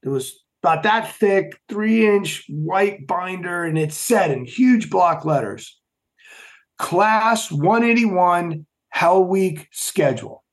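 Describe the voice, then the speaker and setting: Emphatic storytelling man, fairly high voice. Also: slow pace. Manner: emphatic, animated storyteller who asks rhetorical questions. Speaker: podcast guest, former Navy SEAL. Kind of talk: storytelling interview.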